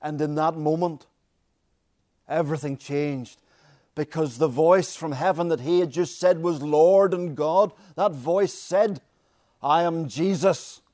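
A man preaching a sermon, with dramatic pauses and emphatic repetition. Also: a little high, warm tone, no echo, clean studio sound.

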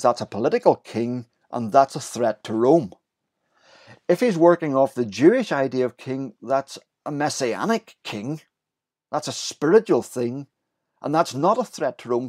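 A man preaching a sermon, explaining the scripture passage in a lively way and voicing the quoted lines. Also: medium pitch.

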